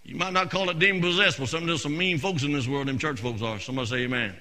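A male senior pastor preaching a fervent sermon in a church, calling on the congregation to answer, filling gaps with "uh" and swinging from shouts to quiet asides. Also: fast talker. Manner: frequent "uh" fillers and restarts, swings from shouting to low asides. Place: church sanctuary. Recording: long hall reverb in a church.

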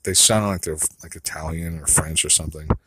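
A man's voice: very deep voice, fairly even intonation, fairly quick, heavy background noise. A man telling a rambling, profane personal monologue who keeps second-guessing himself. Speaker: vlogger.

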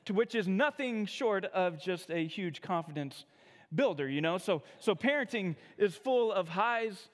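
High-voiced man preaching in a reverberant hall. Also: expressive, a little slow. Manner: conversational, self-deprecating, frequent restarts. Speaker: pastor. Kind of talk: sermon with personal storytelling.

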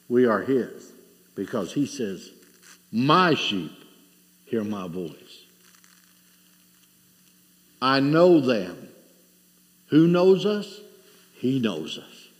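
A man's voice: medium pitch, in a large hall. A middle-aged man preaching a sermon, asking rhetorical questions and telling a story with rising and falling intensity.

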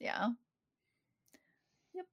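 A woman's voice: extremely slow, no room sound, muffled recording. A woman co-hosting a casual podcast chat, animatedly quoting lines and laughing as she goes. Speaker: podcast co-host. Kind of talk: casual chat reviewing a sitcom episode.

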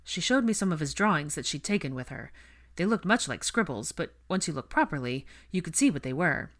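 A woman narrating a fan fiction story in a steady, measured reading. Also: low-pitched.

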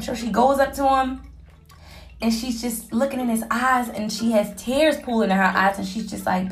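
A woman's voice: fairly high pitch, a little slow, soft background music. A woman hosting a talk show, telling a story in a candid, conversational way with plenty of casual fillers.

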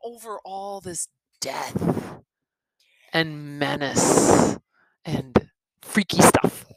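A woman's voice: on the low side, slow, dry recording. A woman in casual chat, gushing enthusiastically and exclaiming about a story. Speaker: co-host commenting on the reading.

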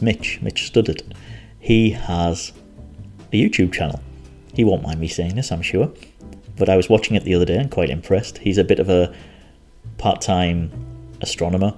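Deep-voiced, chatty male podcaster. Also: darkish tone. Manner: chatty, rambling, self-deprecating. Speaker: podcast host. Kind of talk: casual solo podcast.

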